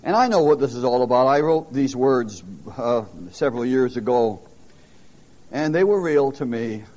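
A man's voice: medium pitch, animated, normal speed, darkish tone. A man preaching a sermon, calling out questions to his listeners and pressing his points with emphasis. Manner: emphatic, calls out questions to the congregation. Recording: dull lo-fi sermon recording.

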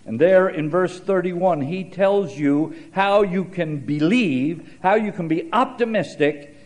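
A male preacher delivering a sermon in a slightly higher than usual voice. He mixes scripture with folksy anecdotes and dry humor, slowing down and swelling in volume to stress a point. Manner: shifting pace and loudness for emphasis.

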